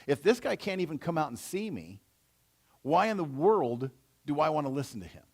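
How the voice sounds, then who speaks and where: A man's voice: fairly high pitch, big pitch swings, moderate pace. A man voicing a proud, indignant army commander who grumbles in casual modern slang.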